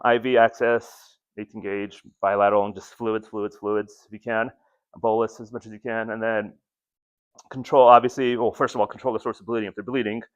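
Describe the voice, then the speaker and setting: A man with a lowish voice gives a loose, casual training lecture, stumbling through restarts and filler words as he explains. He pokes fun at himself along the way. The recording sounds muffled and lo-fi. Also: fairly bright tone. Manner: rambling, self-deprecating, many ums and restarts. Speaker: lecturer at an ambulance crew training.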